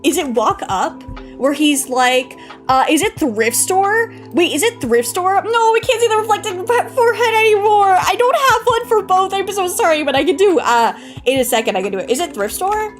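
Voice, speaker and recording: Giggly high-voiced woman streamer. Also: expressive, moderate pace, faint music behind. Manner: giggly, playful, exclaiming. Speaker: live streamer. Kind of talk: casual live-stream chat.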